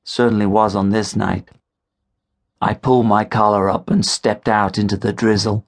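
A man narrating an audiobook in the first person, telling the story in a measured way. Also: fairly low pitch, little pitch movement.

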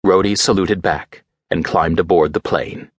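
A man narrating an audiobook in a steady, measured way. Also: deep voice, dry recording, studio quality. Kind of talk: scripted narration.

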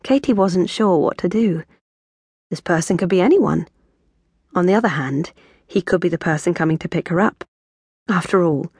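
Low-voiced woman reading an audiobook. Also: darkish tone, no echo. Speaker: audiobook narrator. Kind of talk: scripted audiobook narration.

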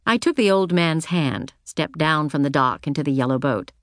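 A woman narrating an audiobook in the first person, with a measured, reflective reading. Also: low voice, animated, no room sound, clean studio sound.

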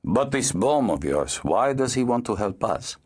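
A man's voice: on the low side, very animated, measured pace, darkish tone, slightly rough, voice pushed up, full character voice. A man doing a stern, skeptical older uncle. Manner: probing, dry and commanding. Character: stern worldly middle-aged uncle, skeptical.

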